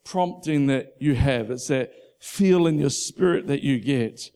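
A middle-aged man preaching a casual, conversational sermon that moves between soft, hushed passages and fervent emphasis. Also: medium pitch, measured pace, clean tone. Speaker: pastor.

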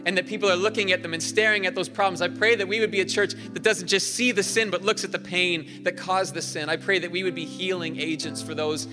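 A man's voice: high-pitched, fairly even intonation, quick pace, few pauses. A man preaching a sermon as pastor, earnest, building to emphatic repeated phrases in a large church hall. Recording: live church hall reverb with soft instrumental music.

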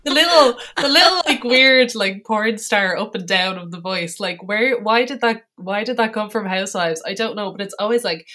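A woman talking casually as a podcast guest, her voice bright and forward at a mid pitch. She rambles, circling back with many likes and restarts, and pokes fun at herself. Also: moderate pace, hardly any pauses. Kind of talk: casual chat.

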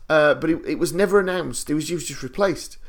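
A man's voice: fairly high pitch, quick pace. A man chatting casually on a podcast, telling rambling, self-deprecating anecdotes full of restarts. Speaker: podcast co-host.

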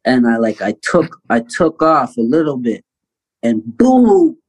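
Man, thirties, from Canada, animated casual storyteller, mid-pitched voice. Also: a little slow, low-quality recording. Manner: animated storyteller, acts out quoted voices loudly. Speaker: guest, basketball player.

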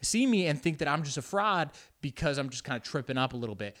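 A man's voice: fairly high pitch, lively intonation, fast talker, fairly bright tone. A man vlogging in a rambling, self-mocking way, switching between English and Spanish. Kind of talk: casual monologue mixing English and Spanish.

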